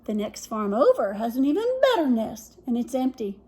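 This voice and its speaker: A woman's voice: on the high side, sing-song, moderate pace, mellow. A woman voicing a sly, hungry male farm cat in a picture book. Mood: coaxing. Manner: crying out in alarm, then coaxing.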